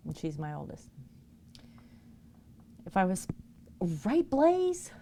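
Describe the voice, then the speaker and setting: A woman's voice: mid-range voice, very animated, takes it slowly, mellow, a little hiss or hum. A middle-aged woman casually telling stories to her livestream viewers, chatty and laughing often. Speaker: livestream painter.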